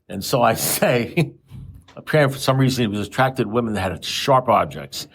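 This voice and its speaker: A man's voice: mid-range voice, animated, fairly quick. A man telling his story at a recovery meeting, rambling and self-mocking with dry humor. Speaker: AA speaker sharing his story.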